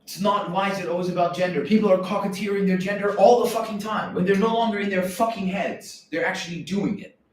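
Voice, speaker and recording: A man's voice: high-pitched, fast. Rambling man in an echoey room. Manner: rambling, animated, swears freely, slips into quoted voices. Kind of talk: rambling monologue. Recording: very echoey room, mic at a distance, faint noise.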